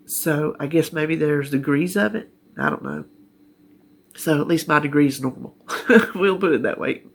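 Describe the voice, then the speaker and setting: A woman's voice: sits low, big pitch swings, moderate pace, creaky. A middle-aged woman with a Southern US accent, chatting casually in her living room in a rambling, homespun way on a health update vlog. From North Carolina, US. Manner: rambling, homespun, laughs easily. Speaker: vlogger. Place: living room at home, sitting in her chair.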